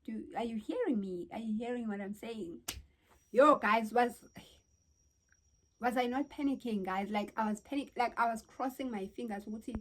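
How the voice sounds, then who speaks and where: A young woman from South Africa with a South African accent, telling a story to her channel in casual, animated, exclamatory chat. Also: on the high side, normal speed. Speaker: vlogger.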